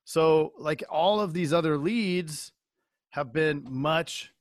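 A man's voice: fairly high pitch, slow, no echo, clean studio sound. A man co-hosting a casual business podcast, thinking aloud and stammering as he works through figures. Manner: thinking aloud, stammers while reading out data. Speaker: podcast co-host. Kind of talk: casual chat.

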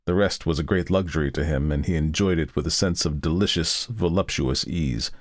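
A man narrating a storybook in a steady, measured reading. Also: extremely low pitch, no room sound, clean studio sound. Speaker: audiobook narrator. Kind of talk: scripted narration.

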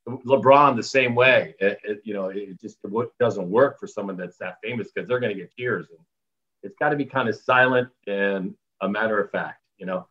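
Guy telling arena announcer stories, bright sharp voice, kinda muffled audio. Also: normal speed. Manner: animated, acts out quotes in higher voices, laughs often. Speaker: arena public address announcer. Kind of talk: casual storytelling interview.

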